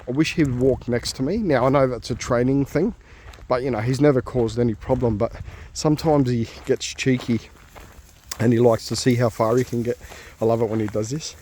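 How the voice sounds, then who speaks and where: While walking his dog outdoors on a nature walk, an Australian man chats in an easygoing, rambling way, full of fillers and asides. His medium-pitched voice is darkish and fairly even, moving fairly quickly, with a little hiss or hum in the audio.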